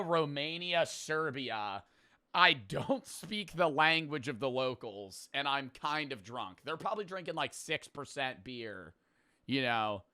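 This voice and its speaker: Bright, crisp man joking through a reaction. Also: mid-range voice, no echo, studio quality. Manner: loud, profane, joking. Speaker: streamer reacting to a video. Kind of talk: casual reaction commentary.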